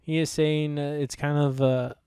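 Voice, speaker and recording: A man's voice: fairly high pitch, flat delivery, normal speed, mellow, clean tone, no room sound, studio quality. A man co-hosting a movie review podcast, talking casually and a bit hesitantly. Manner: hesitant, lots of fillers and restarts. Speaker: podcast co-host.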